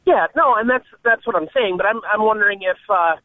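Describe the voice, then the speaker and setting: 犹豫的男性来电听众，电话音质单薄. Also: male voice, sits high, fairly quick, dry recording. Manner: hesitant, many fillers. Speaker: caller. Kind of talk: call-in to a talk show. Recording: tinny phone line.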